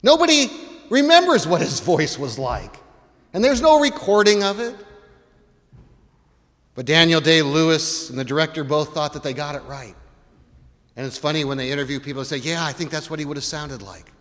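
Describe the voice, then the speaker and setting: A man's voice: on the high side, expressive, normal speed, a bit bright, long reverb tail. A man preaching a sermon as pastor, putting repeated questions to his congregation. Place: church.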